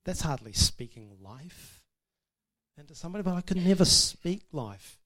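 A man's voice: on the high side, animated, moderate pace, a bit bright. Man, church testimony, conversational and self-mocking, laughs a lot. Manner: chatty, self-deprecating, laughing often. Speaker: speaker sharing about marriage. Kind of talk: informal testimony to a church audience.

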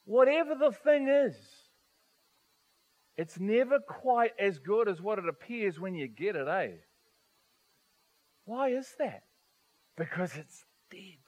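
A man preaching a sermon to his congregation, animated, asking rhetorical questions and swinging from soft to loud. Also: high-pitched, slow pace, long pauses, low-quality recording. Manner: animated, rhetorical questions, varies volume widely.

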